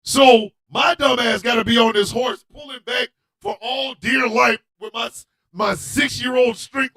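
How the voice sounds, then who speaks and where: A man hosting a radio show, telling a comedic story in a loud, animated, profane way and often shouting. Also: extremely high pitch, measured pace, hardly any pauses.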